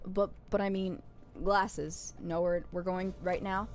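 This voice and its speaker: A woman's voice: medium pitch, level tone, slow, faint music behind. A woman streamer chatting playfully and reading game dialogue aloud, with giggly joking asides.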